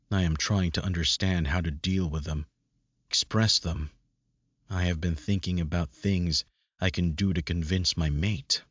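A man narrates a first-person audiobook with a brooding, searching manner. His voice is deep and husky. The recording sounds dry and dull, with no room around it. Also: fairly bright tone, no echo.

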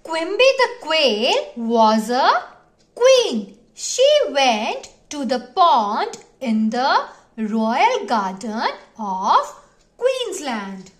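A woman's voice: sits high, very animated, extremely slow, heavy reverb. A woman teaching a nursery English lesson to young kids, stretching out letter sounds in a sing-song way. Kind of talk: online children's lesson.

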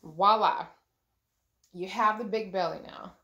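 A woman's voice: mid-range voice, measured pace, bright, forceful tone. A young woman vlogging a casual pregnancy update, chatty and gushing, with lots of ums and likes. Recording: echoey room.

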